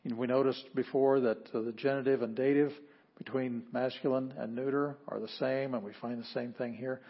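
A man teaching a language class, explaining patiently with frequent pauses and fillers. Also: medium pitch, fairly even intonation, muffled recording. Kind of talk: classroom lecture.

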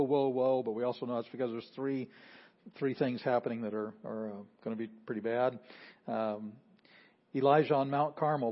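A pastor preaching a sermon, explaining patiently and repeating phrases for emphasis. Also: male voice, medium pitch. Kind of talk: sermon teaching. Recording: slightly dull lo-fi audio.

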